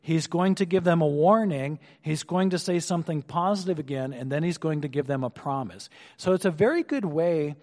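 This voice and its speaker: A male pastor preaching an expository sermon, slowing down to stress points and dropping his voice on asides. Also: darkish tone. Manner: expository, slows for emphasis, drops low on asides. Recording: long hall reverb.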